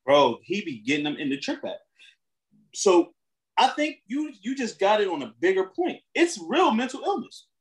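A man co-hosting a casual podcast, with a voice set well above the usual male pitch. He tells stories with gusto, acting out both sides of the exchanges he describes. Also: big pitch swings, normal speed, low-quality recording. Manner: storytelling, acts out quoted exchanges, laughs often. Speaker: podcast co-host. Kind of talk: casual chat.

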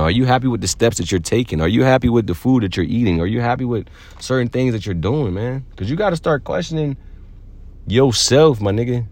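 Low-voiced man giving a loose slangy pep talk. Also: dry recording. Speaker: podcast host. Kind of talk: casual motivational monologue.

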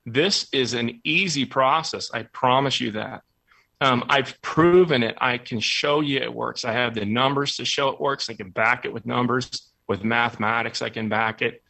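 Male motivational talk host, bright tone, emphatic storyteller. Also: mid-range voice, normal speed, creaky. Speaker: podcast host.

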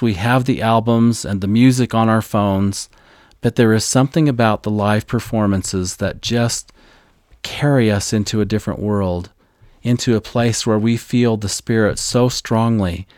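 A man's voice: lowish voice, darkish tone, no room sound, clean studio sound. A man co-hosting a devotional podcast, sincere and openly emotional. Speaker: co-host.

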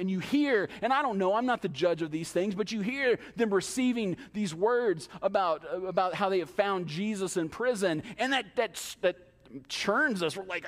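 High-voiced preaching man in a reverberant hall. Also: fairly bright tone. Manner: emphatic preaching with rhetorical questions and acted-out asides. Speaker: pastor. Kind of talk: sermon. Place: church hall.

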